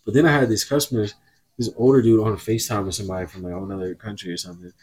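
A man's voice: fairly low pitch, fairly even intonation, very fast, a little mellow, slightly rough. A young man co-hosting a podcast, chatting casually and telling rambling, laid-back stories. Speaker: podcast co-host. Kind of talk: casual chat.

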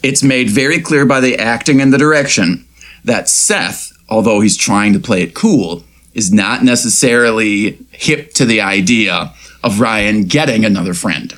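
A man's voice: fairly low pitch, a little slow, fairly bright tone. A man co-hosting a casual TV recap podcast, playful and prone to slipping into character voices. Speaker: podcast co-host.

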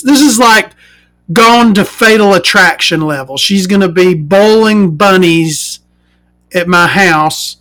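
A woman's voice: fairly low pitch, lively intonation, unhurried, a bit bright. A woman vlogger telling a story in a casual rant, sarcastic, profane and mocking.

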